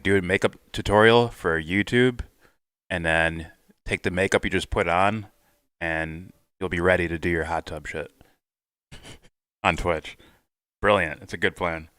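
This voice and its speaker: Deep-voiced man hosting a reaction stream. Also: bright, forceful tone, dry recording. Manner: rambling, argumentative, reads chat aloud. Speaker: livestream host. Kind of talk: casual reaction stream chat.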